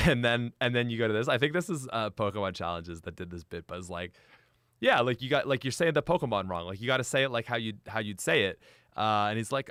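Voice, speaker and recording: A man's voice: medium pitch, expressive, fast talker, a bit bright, clean tone, dry recording, clean studio sound. A young adult man chatting on a live stream, laughing often and talking straight to his chat. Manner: giggly, frequent laughter; chatty, addresses chat directly.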